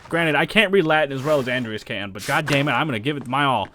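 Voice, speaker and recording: A man's voice: mid-range voice, lively intonation, quick pace, sharp tone, slight background noise. Swearing, chuckling game streamer man. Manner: profane, chuckling, thinking aloud. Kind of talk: casual gameplay commentary.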